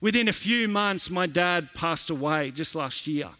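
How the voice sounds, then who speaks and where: Man, pastor, high bright voice, earnest sermon delivery that swells with passion. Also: expressive, unhurried. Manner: earnest storytelling, building to impassioned emphasis. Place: church auditorium, preaching live to a congregation.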